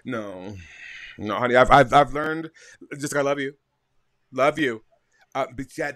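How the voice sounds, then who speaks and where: A man co-hosting a casual podcast chat over a video call, sassy, excitable and swearing freely. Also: mid-range voice, measured pace, pauses often, no echo, clean studio sound. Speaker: podcast co-host. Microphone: computer microphone on a video call.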